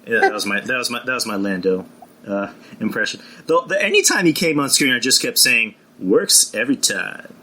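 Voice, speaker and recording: A man's voice: mid-range voice, sing-song, a little fast, pushed and bright. A man chatting casually on a podcast, rambling with frequent restarts and casual swearing. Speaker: podcast co-host.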